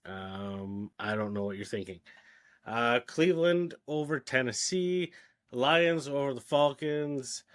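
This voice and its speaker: A man co-hosting a sports podcast, rattling off his picks in casual chat with frequent "uh"s and hesitations. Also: mid-range voice. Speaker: podcast co-host.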